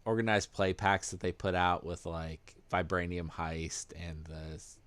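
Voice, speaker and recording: Very deep-voiced, unhurried male podcast host. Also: flat delivery, fairly bright tone, smooth, no echo. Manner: hesitant, filler-heavy explaining. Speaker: podcast host presenting news. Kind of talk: casual podcast chat.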